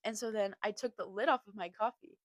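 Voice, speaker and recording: A young adult woman hosting a podcast, telling a story in a chatty, animated way, laughing often and filling her talk with "like.". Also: medium pitch, a little fast, no room sound. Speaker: podcast host. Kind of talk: casual storytime chat.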